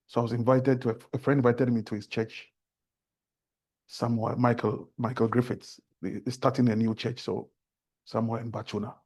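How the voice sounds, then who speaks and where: A Ghanaian man speaks as a talk-show guest, turning his stories into earnest preaching about faith. His voice is mellow and soft, with a slight husk to it. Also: medium pitch, little pitch movement, brisk.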